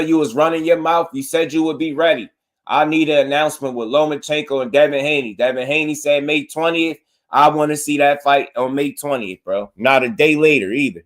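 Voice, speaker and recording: Hyped-up man hosting a livestream. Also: mid-range voice. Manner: animated, hypes the chat, slangy. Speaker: boxing livestream host. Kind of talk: casual livestream chat.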